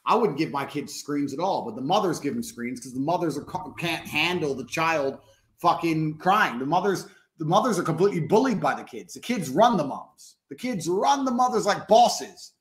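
A man's voice: on the high side, animated, moderate pace, roomy sound. A man speaking as a podcast guest, blunt and emphatic, swearing and hammering his points with repetition. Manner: blunt, profane, emphatic, repeats phrases. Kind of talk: casual interview talk.

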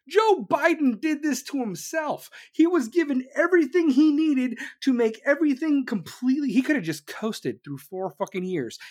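A commentator delivering an angry, sarcastic political rant full of swearing, speeding up in bursts and slowing down to hit a point. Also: mid-range voice. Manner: jumps between fast bursts and slow emphasis.

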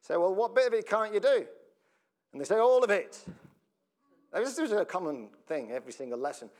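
Man, pastor, sermon, conversational, laughs often, slightly high voice. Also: very animated, fast, darkish tone. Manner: jokey, laughs often, breaks up mid-sentence; conversational, asks the congregation questions.

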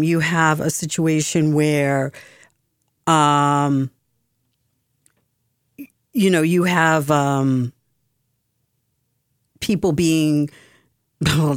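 A woman's voice: sits low, no echo, clean studio sound. A woman giving an emphatic, exasperated political commentary monologue, often restarting her sentences.

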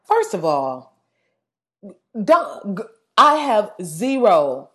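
A woman ranting in blunt, sassy, profanity-filled casual talk, with sudden loud outbursts. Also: mid-range voice, big pitch swings, drawn-out words.

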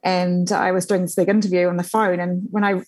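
Speaking a little fast in a voice on the low side, this New Zealand journalist guest chats through interview stories. She shares animated anecdotes with frequent fillers and laughter, captured in a rough recording.

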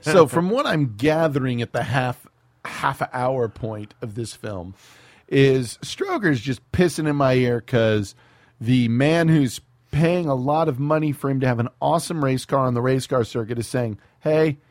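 A man riffs on a film as a podcast co-host, swearing freely and breaking into quick comic impressions. His voice sits at an ordinary middle pitch. The mic is close and dry, with no room sound. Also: dry recording. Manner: profane, animated, slips into put-on voices. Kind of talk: casual movie commentary chat.

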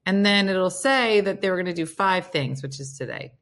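A woman's voice: on the low side, animated, normal speed, a bit bright. A woman hosting a casual morning livestream, chatting playfully with viewers and her dog. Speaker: livestream host. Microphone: phone.

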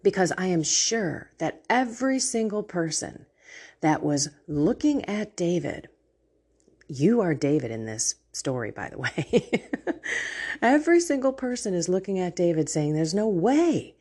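Woman host, low husky voice, slow, animated faith storyteller. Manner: animated storytelling, laughs often. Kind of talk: casual faith talk.

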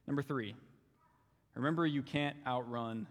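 A man's voice: mid-range voice, moderate pace, in a large hall. A young man giving a sermon as a youth intern, earnest and fond of repeating phrases for emphasis. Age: young adult. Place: church sanctuary.

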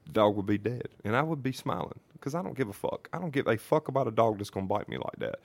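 Podcast regular: low-voiced man, dry close mic, angry and profane in his story. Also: very animated, quick pace, creaky, no room sound. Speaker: podcast co-host. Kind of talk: casual podcast chat, storytelling.

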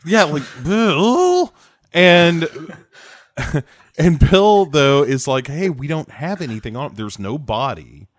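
A man's voice: fairly high pitch, lively intonation, takes it slowly. A man casually retelling a TV episode on a podcast, acting out the characters' lines and swearing freely. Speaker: podcast co-host recapping a TV episode. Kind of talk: casual chat.

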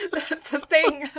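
Bright-voiced British woman telling stories. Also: sits high. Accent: British English. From Britain. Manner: chatty storyteller, quick asides and laughs. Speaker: podcast co-host. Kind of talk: casual podcast chat.

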